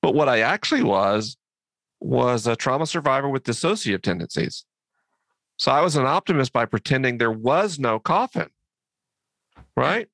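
A man's voice: mid-range voice, expressive, moderate pace, vocal fry, long pauses, a bit bright, no room sound. A man as a podcast guest, explaining thoughtfully, with asides. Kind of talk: reflective conversation.

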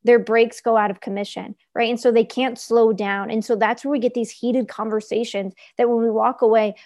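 A woman's voice: a little high, level tone, moderate pace, a little mellow. A woman speaking as a guest, teaching in an earnest, explanatory way and often checking in with "right?" and "like". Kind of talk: conversational teaching.

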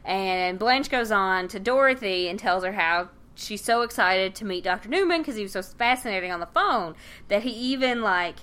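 A woman's voice: mid-range voice, expressive, moderate pace, bright, forceful tone, smooth. A woman co-hosting a casual podcast, chatting and laughing as she recaps a sitcom episode and acts out the characters' lines. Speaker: podcast co-host.

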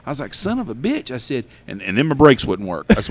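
A man, hosting a podcast and telling profane, animated stories in casual chat. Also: mid-range voice, fast, hardly any pauses, no room sound. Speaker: podcast host. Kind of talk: casual storytelling.

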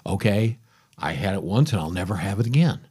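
A middle-aged man hosting a podcast in a loose, folksy monologue. His voice is husky and his pitch rises and falls a lot. He wanders off track and keeps cutting into his own sentences. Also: expressive, brisk, a little mellow. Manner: rambling, folksy, self-interrupting. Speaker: podcast host. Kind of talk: casual storytelling monologue.

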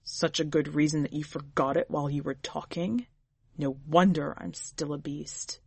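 A woman's voice: low-pitched, steady tone, normal speed, creaky, a little mellow, slightly rough, no echo, voice pushed down, exaggerated voice. A woman voicing a bitter, reproachful husband who is a cursed beast, speaking in an acid tone in a storybook reading.

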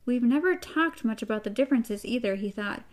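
A woman's voice: a little high, animated, fairly quick. A woman taking turns reading a novel aloud in a chatty, casual way. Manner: chatty, laughs between passages. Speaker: co-reader.

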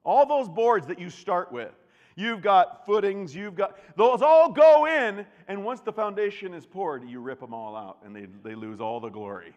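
A middle-aged man preaching a sermon, telling a story with lively acted-out voices. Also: sits high, normal speed, lo-fi sound. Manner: animated storytelling, acts out voices. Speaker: pastor. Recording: long reverb of a large hall.

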